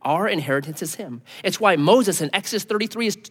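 A man preaching with a high, very lively voice that swings between punchy emphasis and hushed near-whispers. His casual, conversational sermon rings out with long reverb in a church hall. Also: quick pace. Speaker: pastor.

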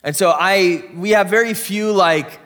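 A man in his thirties preaching in church, his voice sitting high for a man. He tells stories in an easy, conversational way, swinging up loud and high for the punchlines, then dropping low and quiet for prayer. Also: measured pace. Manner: conversational storytelling with animated swings in pitch and volume. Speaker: pastor. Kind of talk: sermon.

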